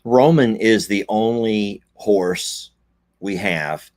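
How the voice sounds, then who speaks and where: A man's voice: on the low side, drawn-out words. A middle-aged man chatting casually on a livestream in a folksy, joking way. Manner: folksy, joking, animated asides. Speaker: co-host.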